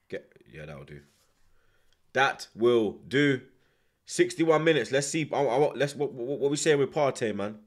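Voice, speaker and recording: A man giving live reaction commentary as a football watchalong host, swearing heavily and barking short, repeated commands. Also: medium pitch. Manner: swears heavily and shouts in frustration.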